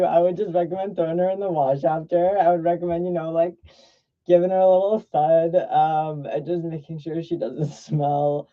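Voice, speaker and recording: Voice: medium pitch, steady tone, measured pace, pauses often, lo-fi sound. A drag performer delivering a blunt, sassy vlog rant, swearing freely and drifting off mid-thought. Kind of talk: ranting vlog monologue.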